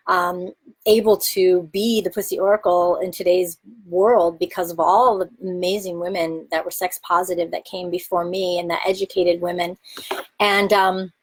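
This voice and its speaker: A woman with a somewhat low voice talks candidly to camera about her own experiences. Her delivery is open and reflective, loose with fillers and occasional laughter, in the manner of a sex educator addressing her community. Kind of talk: candid personal talk to camera.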